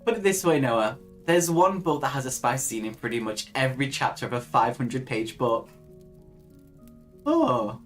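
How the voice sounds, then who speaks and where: A woman's voice: rumbling low, expressive, normal speed, faint music behind. A young woman hosting a casual live stream, chatting with viewers, reading their comments aloud and laughing often. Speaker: livestream host.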